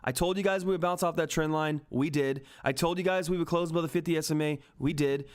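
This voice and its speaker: A man runs a live stock market stream, talking to his chat in a slightly higher voice. He sounds hyped and emphatic and keeps repeating his points for emphasis. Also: steady tone, fast, clear, resonant tone. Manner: hyped, repetitive, emphatic, swears mildly. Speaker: stock market livestream host. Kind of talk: excited live market commentary to chat viewers. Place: at home.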